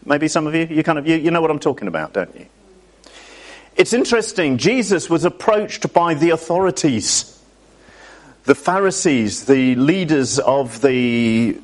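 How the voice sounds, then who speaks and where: A man preaching a sermon to a church congregation in a chatty way, often asking his listeners questions. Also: fairly high pitch.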